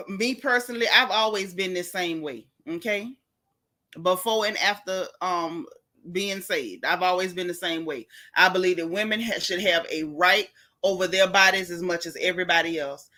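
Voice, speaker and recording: A woman hosts a gossip show as a casual livestream, speaking straight to her chat viewers in a dramatic, theatrical way. Her voice sits fairly low in pitch, with a bright, forceful tone.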